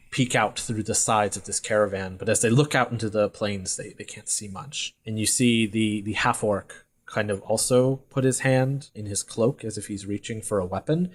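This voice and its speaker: A man narrating and running a tabletop role-playing game as game master. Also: lowish voice. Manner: descriptive, brisk narration with laughs.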